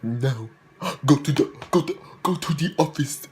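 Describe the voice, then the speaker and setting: A man's voice: on the high side, unhurried, darkish tone, a little hiss or hum, pitched above the performer's own voice, close to an everyday voice. A man voicing a stern male school coach who scolds students in a curt way. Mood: scolding.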